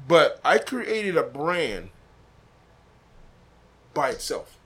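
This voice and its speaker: A barbecue pitmaster from Des Moines, Iowa, guesting on a podcast in a room above a butcher shop, tells a story in casual chat and acts out the quoted dialogue. His voice is on the high side and a bit bright with a breathy edge, big pitch swings, and drawn-out words.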